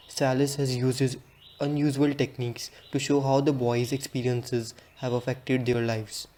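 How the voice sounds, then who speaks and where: A young man giving a read-aloud class presentation in a steady, earnest way. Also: medium pitch. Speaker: student presenter.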